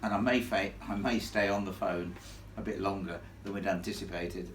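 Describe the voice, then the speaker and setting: A man telling a ghost story live to an audience in a chatty, animated way, laughing along with the crowd. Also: sits low, moderate pace, slight background noise. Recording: echoey room, from far off.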